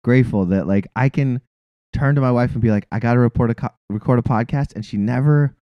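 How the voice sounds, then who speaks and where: A man's voice: mid-range voice, fast, no echo, lo-fi sound. A man co-hosting a casual podcast, ranting with heavy swearing and loose, rambling energy. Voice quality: profane, animated ranting. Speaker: podcast co-host.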